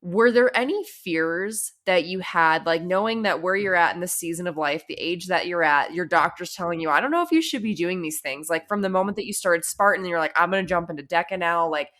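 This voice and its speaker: Low-voiced woman podcast host. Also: brisk, few pauses, fairly bright tone. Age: 30s. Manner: reflective, rambling questions with many likes. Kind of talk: casual interview chat.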